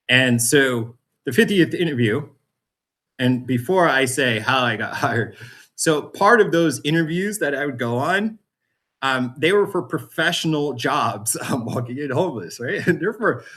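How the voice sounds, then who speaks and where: Man, podcast guest, lively storytelling, acts out voices, laughs a lot. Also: mid-range voice, normal speed, breathy edge. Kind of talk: storytelling interview.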